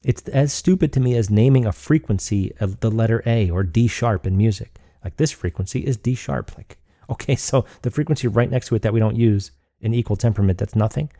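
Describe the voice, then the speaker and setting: A man's voice: on the low side, fairly quick, hardly any pauses, warm tone, no room sound, studio quality. A man hosting a solo podcast, rambling and thinking aloud with frequent restarts. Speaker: podcast host.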